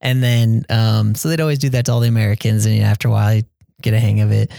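A young man talking casually as an interview guest about his mission, hesitant, with many pauses and fillers. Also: on the low side, flat delivery, vocal fry, no room sound. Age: young adult. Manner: soft-spoken, hesitant with many ums, quotes people in a raised voice.

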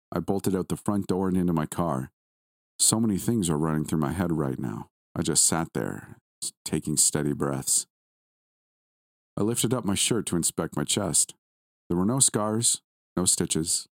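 A man with a very low voice narrates a first-person horror story. He reads in a measured, grave way, letting the tension build. The sound is close and dry, with no room around it. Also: no echo.

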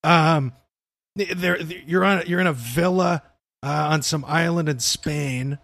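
A man's voice: on the high side, slow pace, creaky, a bit bright, dry recording. A young man hosting a casual podcast chat, laid-back and swearing freely, often calling his co-host "dude".

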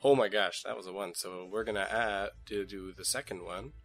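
Relaxed male game player. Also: lowish voice, normal speed, background noise. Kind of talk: casual chat at a game table.

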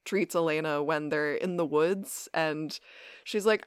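A young woman co-hosting a podcast, chatting casually and acting out scenes in quick bursts as she retells them. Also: sits low, clean tone, no room sound, clean studio sound. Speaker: podcast co-host. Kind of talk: casual recap chat.

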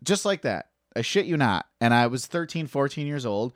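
A man's voice: medium pitch, moderate pace, no echo, studio quality. A man telling a personal story in a casual podcast chat, swearing freely and acting out the people he quotes. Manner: animated, swearing, acts out quoted voices.

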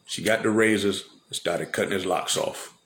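A male preacher retelling Bible stories in lively everyday speech and slang during a sermon. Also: deep voice, moderate pace, echoey room. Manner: animated, retells scripture in everyday vernacular. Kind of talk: sermon storytelling.

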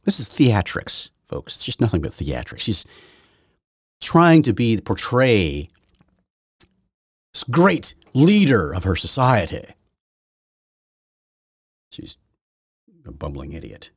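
A middle-aged man rants through an opinion podcast, mocking and sarcastic, often stumbling and repeating himself. His voice is lowish and husky, with big swings in pitch. The sound is dry and close. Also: wildly swooping pitch, takes it slowly, pauses often, no echo. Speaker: podcast host. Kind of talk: opinion commentary monologue.

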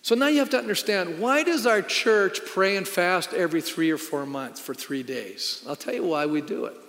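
A man's voice: high voice, animated, normal speed, a bit bright, big-room sound. A middle-aged man, a pastor, preaching a sermon in a conversational, storytelling way with emphatic punches.

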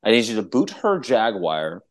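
A man co-hosting a podcast, telling a story in a casual, animated way, laughing often and pitching his voice up high when he quotes people. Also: normal speed. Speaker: podcast co-host.

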